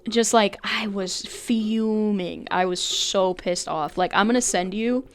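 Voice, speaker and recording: A woman's voice: medium pitch, takes it slowly. A young woman co-hosting a podcast, telling stories in casual chat, blunt and rambling and swearing freely. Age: young adult. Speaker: podcast co-host.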